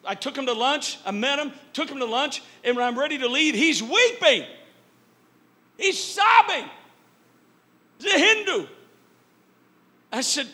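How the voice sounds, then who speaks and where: A middle-aged pastor preaching a sermon in a church, building to loud shouted peaks. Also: male voice, very high voice, animated, unhurried, long pauses. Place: church sanctuary.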